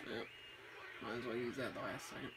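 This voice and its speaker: A man's voice: medium pitch, fairly even intonation, a little fast, very noisy. A man giving let's play commentary, wry and self-deprecating, often exclaiming at the game. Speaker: gamer.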